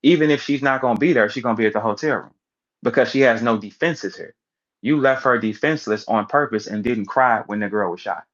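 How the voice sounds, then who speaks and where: Man, blunt profane rant, mid-pitched voice, dull lo-fi sound. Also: brisk, a bit bright. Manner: blunt, profane, emphatic, rhetorical questions. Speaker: commentator. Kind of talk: animated commentary rant.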